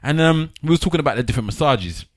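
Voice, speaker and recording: A man telling an animated story in casual chat, pitching his voice up to act out the people in it. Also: very fast, no echo, clean studio sound. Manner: animated storyteller, voice jumps up when acting out others.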